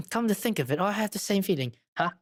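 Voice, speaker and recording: A woman's voice: medium pitch, lively intonation, fairly quick. A woman streamer playing a game, reading lines aloud and joking around in a playful, giggly way. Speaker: vtuber streamer. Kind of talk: let's play reading game dialogue. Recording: background music playing. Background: game music.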